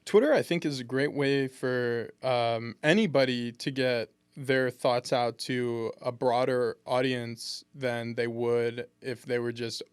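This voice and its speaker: A man in his twenties, a professional football lineman, casually tells funny stories in an interview, restarting many times. He speaks slowly but hardly pauses, his medium-pitched voice fairly even in intonation, with a clean tone on a dry recording.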